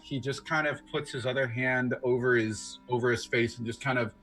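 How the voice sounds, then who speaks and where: Soft background music accompanies a man narrating his character's moves in a tabletop RPG, reasoning out loud in a deliberate way full of fillers. He has a mid-range, pushed and bright voice with fairly even intonation.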